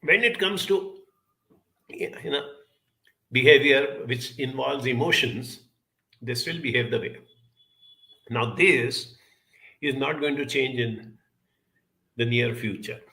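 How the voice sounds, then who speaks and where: In a reflective monologue, a man tells a childhood story and acts out the voices of the people in it. His mid-range voice is creaky, pushed and bright.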